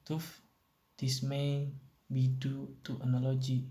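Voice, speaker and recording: A man's voice: medium pitch, completely flat delivery, slow, warm tone. Hesitant young man with an Indonesian accent. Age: young adult. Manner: hesitant, self-correcting, repeats words. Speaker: student presenter. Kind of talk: amateur class presentation.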